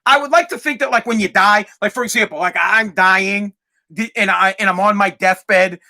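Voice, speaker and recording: Bright-voiced ranting man podcaster. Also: sits high, normal speed. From United States. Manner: crude, swearing, excitable. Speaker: podcast host. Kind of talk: profane ranting monologue.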